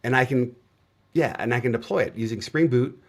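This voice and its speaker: A middle-aged man speaking as a guest developer, relaxed and chatty, often pausing with "uh" as he explains. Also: medium pitch. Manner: relaxed storytelling with frequent "uh" fillers. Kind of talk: casual conversation on a video show.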